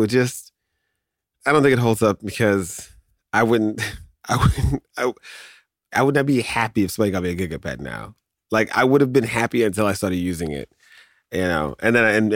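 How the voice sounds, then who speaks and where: A man in his thirties hosting a podcast, rambling through a casual nostalgic rant full of restarts and sudden jumps in pitch. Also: no room sound, studio quality. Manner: rambling, self-interrupting, animated with laughs and sudden pitch jumps. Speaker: podcast host.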